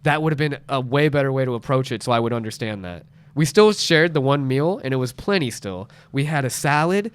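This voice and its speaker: Animated storytelling man in his late twenties. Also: medium pitch, a little fast, hardly any pauses, clear, resonant tone, no echo. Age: late 20s. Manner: animated storyteller, acts out quotes in raised voices. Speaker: podcast host. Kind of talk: casual chat.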